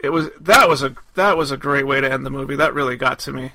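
A man's voice: mid-range voice, quick pace, gravelly, sharp tone, soft background music. A man co-hosting a podcast, chatting casually and enthusiastically about a film, with frequent restarts. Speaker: podcast co-host. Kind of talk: casual chat.

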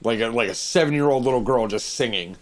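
A young man chatting casually as a podcast co-host, telling stories animatedly and swearing as he acts out quotes with sudden high-pitched jumps. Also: quick pace. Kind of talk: casual chat.

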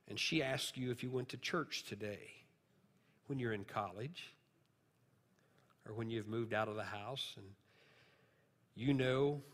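Male preacher, mid-pitched, storytelling sermon that swells to emphatic peaks, in a church with a long reverb tail. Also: fairly bright tone. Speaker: pastor.

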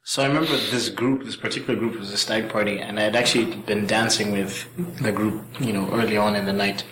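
A man's voice: on the low side, steady tone, quick pace, fairly bright tone, slight background noise. A man telling a casual, rambling story as a podcast guest, swearing freely and acting out the lines of people in it. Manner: rambling, profane, acts out quoted dialogue. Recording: roomy room sound.

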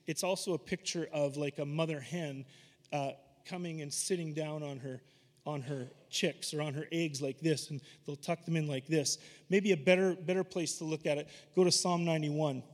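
A man preaching a sermon, animated and emphatic, slipping into voices when he retells scripture. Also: fairly high pitch. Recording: long hall reverb.

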